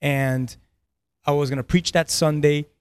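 Unhurried and steady in tone, this pastor's voice runs on the high side, clean and free of echo. In his thirties, he tells a podcast audience a personal story with earnestness, repeating words often and laughing between lines.

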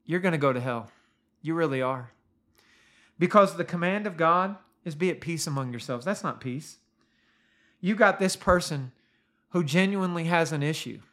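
Male preacher with a high voice; earnest, emphatic sermon delivery full of pointed questions. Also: fairly bright tone. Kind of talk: sermon podcast.

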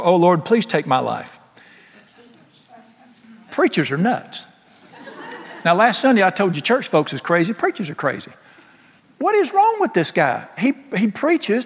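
A man preaching a sermon as pastor, animated and joking, with lots of rhetorical questions. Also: a little high. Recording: long hall reverb.

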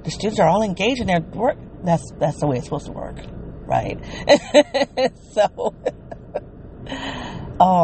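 A woman's voice: very deep voice, gravelly, warm tone, a little hiss or hum. A middle-aged woman and former teacher talking alone on her podcast, thinking aloud, laughing often and amused with herself. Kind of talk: casual solo monologue.

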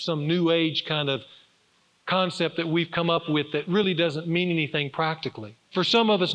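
A man's voice: sits high, a bit bright. Pastor, male, middle-aged; earnest sermon delivery that swells and drops; lo-fi church recording with long reverb. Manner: earnest, emphatic preaching with rising and falling force. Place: church sanctuary.

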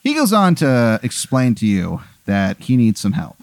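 A man's voice: mid-range voice, huge pitch swings, unhurried, no room sound. A man running a silly tabletop game, his voice rising and falling a lot as he rambles. He stumbles through fillers and crude asides. The recording is close and dry. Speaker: game master. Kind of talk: narrating a comedic tabletop game.

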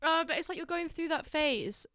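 A woman's voice: sits high, lively intonation, normal speed, fairly bright tone. A woman co-hosting a casual chat, giggly and teasing as she talks. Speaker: podcast co-host.

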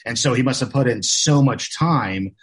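A man chatting casually on a podcast, telling stories in a rambling, animated way full of fillers. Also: medium pitch, moderate pace, breathy edge. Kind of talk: casual chat.

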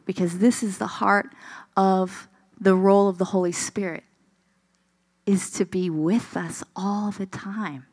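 Woman preaching, conversational, expressive, a bit tired, dry close sound. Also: mid-range voice, normal speed, no echo. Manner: expressive, acts out quoted voices and cries; conversational, asks the congregation questions. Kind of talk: sermon.

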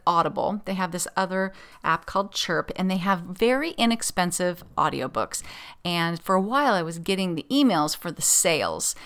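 A woman's voice: on the low side, a bit bright, smooth. A woman podcast host chatting casually from a home office, rambling along with many fillers and restarts. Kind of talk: casual chat. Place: husband's home office at his desk.

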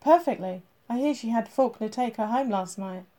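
A woman's voice: on the high side, moderate pace, mellow, lightly acted. A woman voicing a stubborn, frustrated male police detective stuck in a hospital bed, pushing back in a raised voice in an audiobook reading. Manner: defensive, raised and pushy.

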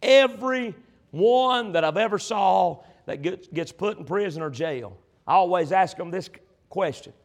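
A male preacher delivering a sermon, emphatic and swinging between loud passages and hushed ones. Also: sits high, animated, unhurried.

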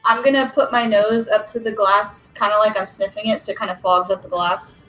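A woman's voice: medium pitch, steady tone, fairly quick, fairly bright tone, faint music behind, low-quality recording. A woman player describing her character's actions in a tabletop game, in a playful manner. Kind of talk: tabletop role-play, playing a dog.

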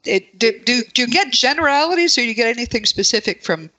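A woman's voice: on the high side, expressive, quick pace, sharp tone. A woman hosting an interview, asking questions and responding in an enthusiastic, affirming way. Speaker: interview host. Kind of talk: casual conversational interview.

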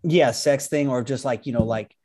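A man's voice: mid-range voice, normal speed, a little mellow. A young man co-hosting a casual comedy chat, hesitant and full of fillers. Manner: hesitant, many fillers, agreeable. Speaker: podcast co-host.

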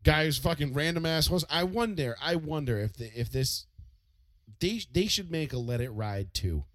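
A high-voiced man rants about sports on a podcast, his pitch leaping all over as he swears and mocks. His tone is bright and forceful, and the sound is close and dry with no room around it. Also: normal speed, dry recording. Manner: animated, profane ranting. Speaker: podcast co-host. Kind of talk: casual sports chat.

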